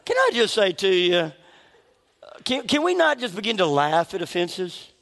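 Delivering a sermon in a church sanctuary, a middle-aged man speaks at a moderate pace in a high, slightly bright voice with big pitch swings and vocal fry. He's conversational and makes jokes at his own expense, laughing at himself, while the big hall adds long reverb.

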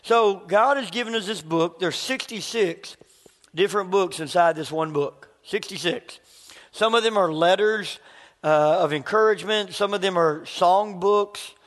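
A man's voice: high voice, a little slow, fairly bright tone, in a large hall. A middle-aged man, a pastor, preaching a sermon and telling a family story, acting out the dialogue.

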